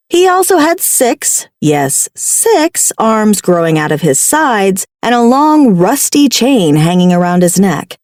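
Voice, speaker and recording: A woman narrating a paranormal romance audiobook in the first person, with a wry, expressive delivery. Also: medium pitch, no echo, studio quality.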